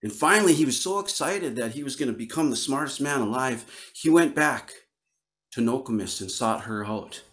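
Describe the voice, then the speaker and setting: A man from Northern Wisconsin telling a traditional story in a relaxed, conversational way. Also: medium pitch, moderate pace. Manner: relaxed, conversational, many fillers. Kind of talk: oral storytelling.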